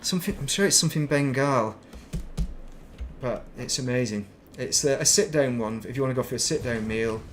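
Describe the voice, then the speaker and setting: A middle-aged man talks loosely and chattily as he streams a game, wandering from one thought to the next. His pitch sits right in the middle for a man. A faint hum of ambience runs under his voice. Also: a little fast. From northern England. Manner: rambling, chatty, self-mocking. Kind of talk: casual chat while streaming gameplay.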